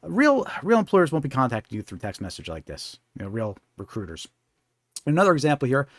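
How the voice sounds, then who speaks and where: A man's voice: medium pitch, very animated, a little fast, no echo, clean studio sound. A man hosting a live stream about scams, talking in a conversational way and often checking in with "right?". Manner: conversational, keeps asking "right?". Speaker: host. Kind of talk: live-stream scam awareness talk.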